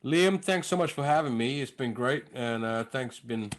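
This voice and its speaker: A man's voice: animated, normal speed. A male comedian chatting as a podcast guest, loose and rambling, his voice swinging up and down. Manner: loose and rambling, swinging between high and low. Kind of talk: casual podcast chat.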